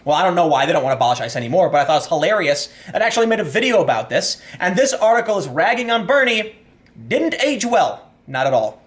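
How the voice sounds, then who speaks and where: A man's voice: high voice, big pitch swings, quick pace. A man giving casual political commentary, ranting and sarcastic, often stumbling and repeating words as he talks.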